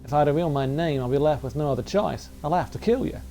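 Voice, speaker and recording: Guy putting on a chatty mysterious american cab passenger, game voice, kinda high and mellow. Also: quick pace, soft background music, lightly acted. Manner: chatty, teasing. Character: mysterious talkative male taxi passenger.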